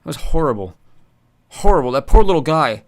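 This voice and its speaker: Man playing a squeamish soft-hearted hitman, stammering, high raised voice, lively. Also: quick pace. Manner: nervous, stammering.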